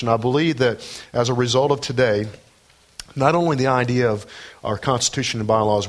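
A man preaching a sermon as pastor of his church, earnest and measured. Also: medium pitch.

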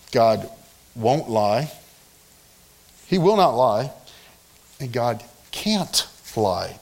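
Male pastor, slightly high voice, emphatic sermon delivery with hushed drops. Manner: emphatic preaching with repetition, dropping to soft near-whispers.

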